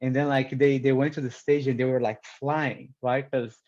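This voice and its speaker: A man hosting a casual video call chat, laughing often and throwing in quick asides. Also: medium pitch, level tone, darkish tone, highs cut off. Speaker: host.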